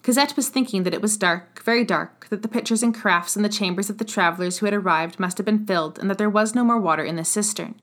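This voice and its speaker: A woman narrating a classic novel as an audiobook, in a measured, steady reading. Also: medium pitch.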